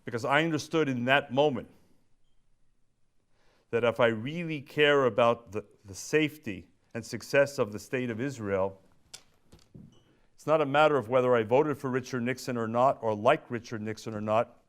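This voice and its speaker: A man delivering a public speech as featured speaker, with measured pacing, deliberate pauses and emphatic stresses. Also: medium pitch, clean tone.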